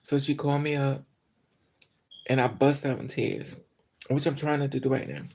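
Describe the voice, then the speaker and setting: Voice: medium pitch, little pitch movement, normal speed, a little mellow. A profane, upset vlogger venting. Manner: angry, profane venting with frequent fillers. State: upset after crying all day. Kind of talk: emotional monologue to camera.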